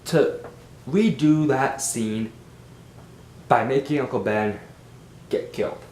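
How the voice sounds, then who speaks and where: A man giving a casual, rambling film review, animated and exasperated. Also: takes it slowly. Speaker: movie reviewer. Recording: roomy with faint rumble.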